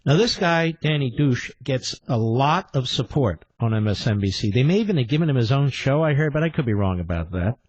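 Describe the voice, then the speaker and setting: A man's voice: medium pitch, animated, a little fast, few pauses, dry recording, muffled recording. A man hosting a combative political talk radio show, indignant and emphatic, firing rhetorical questions and repeating his points.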